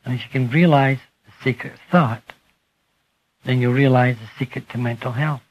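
A husky-voiced man gives a spiritual talk to a gathered group, leaning into key words and letting each phrase sink quietly at its end. The recording sounds muffled and lo-fi, like an old archive tape. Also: mid-range voice, steady tone. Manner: slow, emphatic, trailing off softly at phrase ends. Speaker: speaker addressing a group. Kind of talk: spiritual talk to a live audience.

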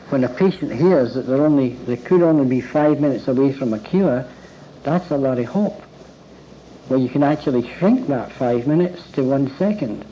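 A man giving a talk to therapists, telling anecdotes in an animated way and acting out bits of dialogue. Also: medium pitch, a little hiss or hum. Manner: animated anecdotal storytelling, acts out quoted dialogue. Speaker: speaker addressing therapists. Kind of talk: storytelling lecture. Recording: dull lo-fi recording.

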